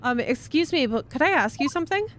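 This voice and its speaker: A woman's voice: sits high, animated, quick pace, pitched above the performer's own voice. A woman voicing an earnest young man who speaks politely, hesitantly and formally. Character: polite, earnest young male law student.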